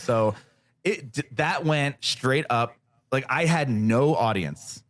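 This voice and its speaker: A man's voice: mid-range voice, a little slow, dry recording. Guy on a podcast ranting about his work, sarcastic, swears a lot, dry close sound, mid voice. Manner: animated, profane, sarcastic storyteller. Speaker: podcast guest. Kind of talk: casual storytelling chat.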